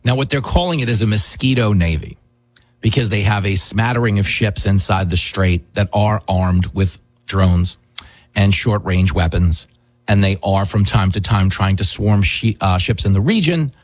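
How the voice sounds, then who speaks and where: A man's voice: lowish voice, moderate pace, no echo, low-quality recording. A man hosting a talk show, delivering combative, rhetorical political commentary with mocking asides.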